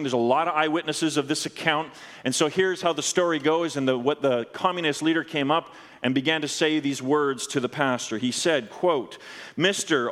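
A man preaching a sermon, telling a story earnestly and dropping low and slow at solemn moments. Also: a bit bright, long reverb tail. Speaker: pastor.

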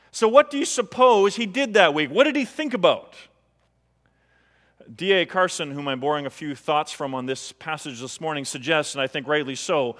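A man preaching a sermon as a pastor, animated and acting out the voices he quotes. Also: high voice, in a large hall.

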